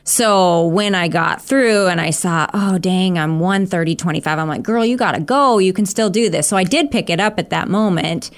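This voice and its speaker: A woman in her thirties, a guest on a podcast, telling her story in a lively way and jumping into a high voice when she quotes her own thoughts. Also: normal speed, hardly any pauses. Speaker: guest runner. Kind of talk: casual interview chat.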